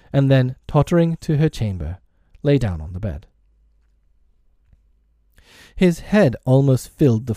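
Mellow-voiced man reading a storybook. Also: mid-range voice, no room sound, clean studio sound. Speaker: audiobook reader. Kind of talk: storybook narration.

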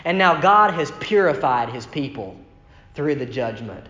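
A man's voice: animated, a little slow, a bit bright, muffled recording. Man preaching in an echoey hall. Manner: conversational, reads scripture aloud, acts out quoted complaints with rising pitch. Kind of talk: sermon. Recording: echoey hall with long reverb.

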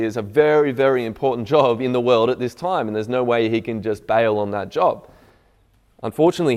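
A man preaching a sermon. He reads scripture aloud and explains it, sometimes quietly and sometimes with raised, emphatic delivery. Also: medium pitch. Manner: swings from hushed reading to raised, emphatic preaching.

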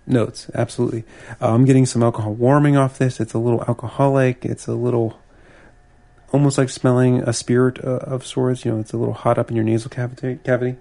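A man co-hosting a podcast, chatting casually through a beer tasting in a relaxed, rambling way, often restarting his sentences. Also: medium pitch, fast talker, gravelly. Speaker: podcast co-host.

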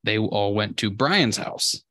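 A young man talks low and close to the mic in a dry, dead room. He rambles through a story with lots of fillers and swearing. His pitch swings widely as he acts out the scene. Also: lively intonation, slow pace, sharp tone, no echo. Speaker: podcast co-host. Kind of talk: casual podcast chat.

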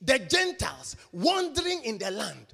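A man preaching a sermon with emphatic repetition, swinging from loud shouts down to hushed whispers. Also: extremely high pitch, wildly swooping pitch, moderate pace, gravelly, big-room sound.

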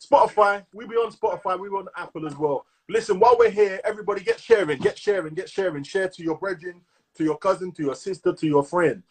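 Man, London accent, husky, fairly high voice, casual podcast banter. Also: fast talker. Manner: animated slang-heavy banter, hyping listeners. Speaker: podcast co-host. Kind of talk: casual chat.

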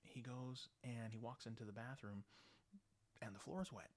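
A man telling a story casually, blunt and animated, swearing freely. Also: mid-range voice, normal speed.

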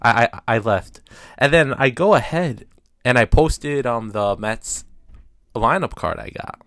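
A man telling a personal story in a casual, animated, rambling way. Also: mid-range voice, a little slow, no room sound. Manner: animated, rambling with restarts and fillers.

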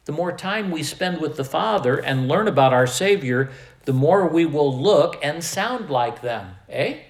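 Slow, echoey man preaching a sermon. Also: on the high side, expressive. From American Midwest. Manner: slow, emphatic preaching with rising and falling volume. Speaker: pastor.

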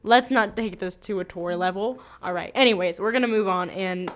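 A young woman hosting a podcast in casual chat, joking and excitable, with lots of fillers. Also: medium pitch, fairly quick, slight background noise. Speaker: podcast host.

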